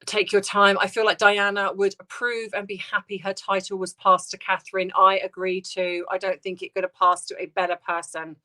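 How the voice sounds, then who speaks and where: A woman hosting a casual livestream, reading out viewer comments and answering in a soft, hesitant, sympathetic way with many restarts. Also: medium pitch, level tone, normal speed, hardly any pauses. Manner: sympathetic, tender replies to viewers.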